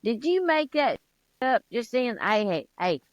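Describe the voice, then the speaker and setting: A woman's voice: on the high side, big pitch swings, measured pace, dry recording, lo-fi sound. A woman, chatting casually as co-host and reacting to a story. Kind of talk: casual chat.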